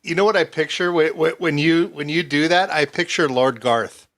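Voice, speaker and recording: A man co-hosting a live-stream chat, curious and quick to laugh. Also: fairly high pitch, a bit bright.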